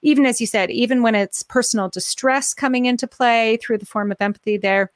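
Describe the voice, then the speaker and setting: A woman's voice: on the high side, fairly quick, no room sound, clean studio sound. A middle-aged woman hosting an interview, talking enthusiastically and thinking aloud in long, winding questions. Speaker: podcast host. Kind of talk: conversational interview.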